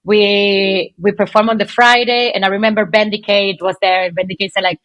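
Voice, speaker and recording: Woman, podcast guest, animated storyteller, dry close mic. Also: medium pitch, brisk, no echo. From Venezuela. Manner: animated, chatty, lots of "like" and "okay". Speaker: guest, pole dance champion. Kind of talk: casual interview storytelling.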